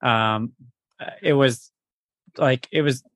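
A man's voice: medium pitch, slow, a bit bright, dry recording. A man hosting a podcast, asking follow-up questions and giving brief affirmations. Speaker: podcast host. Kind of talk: interviewing.

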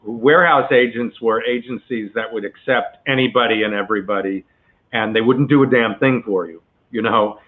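A male actor being interviewed, telling a long story in a relaxed, chatty way with many asides. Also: on the low side, moderate pace. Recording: tinny phone-like line.

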